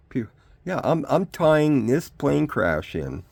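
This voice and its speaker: A man's voice: fairly high pitch, gravelly, darkish tone, husky, no room sound. An older man, ranting in a rambling vlog monologue full of rhetorical questions. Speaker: vlogger.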